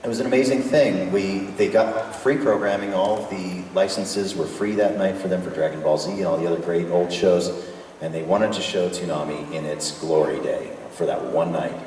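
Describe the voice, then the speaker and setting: Joking and enthusiastic, a male voice actor answers fans at a convention panel in a deep, slightly mellow voice at a moderate pace. Faint noise and hall echo come through, as the mic is far off.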